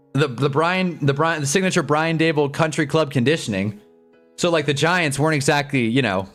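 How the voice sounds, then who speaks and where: A man with a fairly high voice hosts a live football stream, rambling through casual commentary and reading chat. He gets loud and excited whenever a big play happens.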